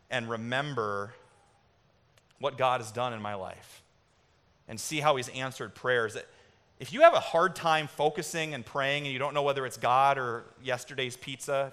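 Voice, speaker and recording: A man in his thirties preaching a sermon as a pastor, conversational at first and rising to impassioned exhortation, in a church sanctuary. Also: medium pitch. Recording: reverberant hall with soft music.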